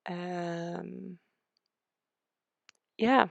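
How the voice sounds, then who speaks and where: A woman's voice: fairly low pitch, steady tone, drawn-out words, gravelly, no echo. A young Swedish woman with a Swedish accent, chatting casually and sarcastically over a game build, rambling and self-deprecating. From Sweden. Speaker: game build video creator. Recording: dull, lo-fi dry sound.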